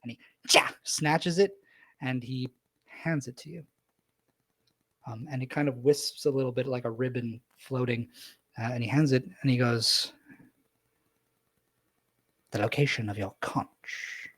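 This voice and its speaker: Husky-voiced man narrating as game master. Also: mid-range voice, normal speed, pauses often, no echo. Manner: casual, animated, descriptive with frequent fillers.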